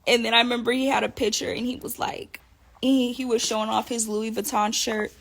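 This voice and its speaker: Gravelly, higher-voiced young woman. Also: fairly quick. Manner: animated, profane, laughs often. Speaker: interview guest. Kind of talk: casual storytelling.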